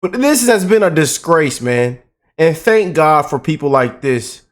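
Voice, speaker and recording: A man hosting a reaction video, talking to his viewers in an excitable, hyped way. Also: fairly high pitch, a little slow. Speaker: host. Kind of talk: reaction commentary.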